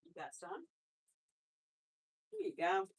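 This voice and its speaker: A woman hosting a live stream about her pet rabbits, chatting casually and talking softly to the animals. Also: takes it slowly. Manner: chatty, rambling, with restarts; soft baby-talk to pets, often away from the mic. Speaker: pet channel host.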